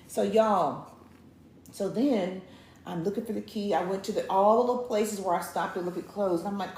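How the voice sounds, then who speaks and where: A woman, co-hosting a couples show and telling a story to viewers in a casual, animated way, acting out each line of dialogue. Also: mid-range voice, a little fast. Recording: roomy, with faint background noise.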